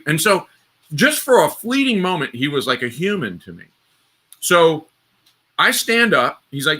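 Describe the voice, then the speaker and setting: Animated man telling rambling army stories. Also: on the high side, moderate pace. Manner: rambling, animated war stories with sudden loud outbursts. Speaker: host. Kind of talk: live stream storytelling.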